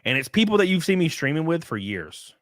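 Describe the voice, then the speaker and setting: Animated male streamer chatting with viewers. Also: a little high, fairly quick, no echo, studio quality. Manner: chatty, swears, laughs, thanks viewers. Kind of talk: casual live-stream chat.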